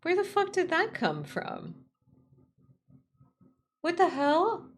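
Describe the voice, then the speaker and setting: A woman streaming live as a VTuber, chatting casually, excitable and giggly, swearing freely. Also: very high-pitched, slow, pauses often.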